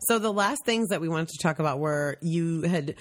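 A woman with a notably low-pitched voice co-hosts a podcast in casual, unscripted chat. She speaks bluntly and frankly and swears freely. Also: moderate pace. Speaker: podcast co-host.

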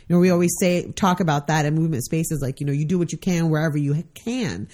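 A woman co-hosts a casual podcast, laying out her points earnestly with some dry humor. Her voice sits fairly low for a woman. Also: quick pace, mellow. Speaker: podcast co-host.

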